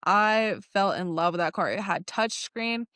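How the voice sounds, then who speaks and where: A woman's voice: medium pitch, measured pace, no echo, clean studio sound. A young adult woman telling a story in casual chat, laughing often and acting out what people said. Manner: animated, laughs often, acts out quotes. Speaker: podcast guest.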